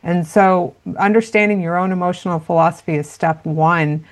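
A woman's voice: fairly low pitch, normal speed. A woman speaking as a parenting expert in an interview, explaining earnestly with frequent "you know" fillers. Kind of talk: interview conversation.

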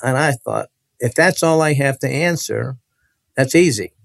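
A man recounting a personal testimony as a guest, earnest and halting, often restarting his sentences. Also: medium pitch, creaky, dry recording.

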